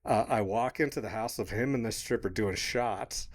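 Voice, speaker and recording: Low-voiced man telling a rambling story. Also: moderate pace. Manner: rambling, swearing, laughing mid-story, quoting others. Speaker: podcast co-host. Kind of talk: casual storytelling chat.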